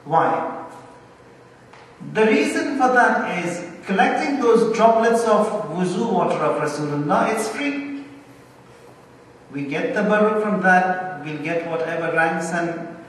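A man delivering a sermon, stressing key words slowly and with emphasis. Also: sits high. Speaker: preacher. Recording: echoey hall, speaker far from mic.

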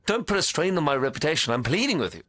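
A flowery, flattering male con man who poses as a doctor in a dubbed TV drama. He pleads and smooth-talks. His voice is bright and a touch high. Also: rapid-fire. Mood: pleading.

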